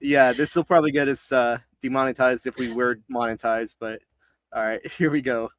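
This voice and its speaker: A man's voice: mid-range voice, steady tone, moderate pace, no room sound. Laid-back man co-hosting a livestream. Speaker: livestream co-host. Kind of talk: casual livestream chat.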